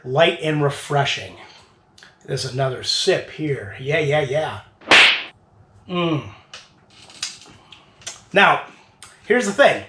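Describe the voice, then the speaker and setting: A man hosting a casual beer tasting review, talking in a playful, drawn-out way as he sips and describes flavors. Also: a little high, fairly bright tone, echoey room.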